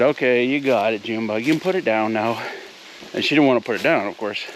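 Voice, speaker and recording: A man's voice: medium pitch, noisy background. A middle-aged man chatting casually to camera for his off-grid cabin vlog, telling stories and laughing often.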